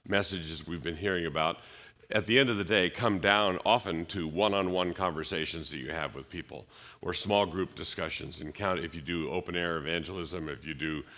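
A man's voice: low-pitched, sharp tone. A man giving a conference talk, conversational, with frequent fillers and restarts, acting out bits of dialogue. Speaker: conference speaker.

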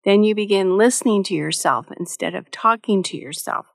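A woman's voice: medium pitch, moderate pace, gravelly, dry recording, clean studio sound. A middle-aged woman giving a devotional teaching talk in a motherly, practical way, with light touches of humor. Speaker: Christian devotional speaker.

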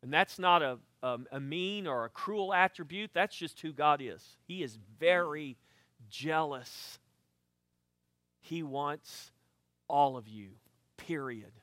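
An older man, a pastor, preaching a sermon with lively swings between quiet asides and loud emphatic bursts. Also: on the high side, no echo.

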